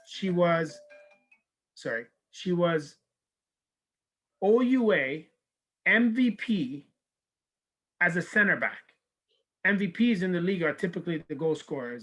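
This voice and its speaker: A man's voice: high voice, low-quality recording. A man who coaches university soccer, talking in a casual video-call interview and telling stories animatedly, acting out the people he quotes. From Canada. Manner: animated storyteller, acts out quoted dialogue.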